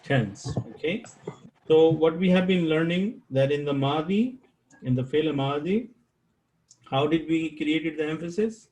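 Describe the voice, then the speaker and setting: A man teaching an online Arabic grammar class over a video call, slow and patient, repeating key terms and quizzing his students. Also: fairly high pitch, darkish tone, rough recording. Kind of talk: live online class lecture.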